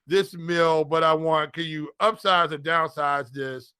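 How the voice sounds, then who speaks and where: Guy with a high bright voice telling a rambling story on a podcast, dry sound, faint music. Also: fairly even intonation, measured pace, clear, resonant tone, no room sound. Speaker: podcast co-host. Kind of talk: casual sports podcast banter.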